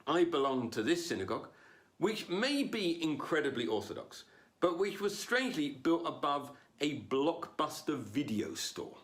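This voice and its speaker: A comedian performing stand-up for an online audience. His slightly high voice swings widely in pitch. He jumps from loud punchlines to low, muttered asides. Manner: animated, quick shifts between loud punchlines and low asides.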